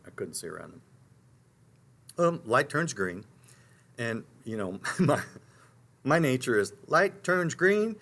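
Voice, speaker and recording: Middle-aged male talk host, tells stories animatedly, slightly low voice. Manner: animated storyteller, frequent restarts and asides. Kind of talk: storytelling on a live talk show.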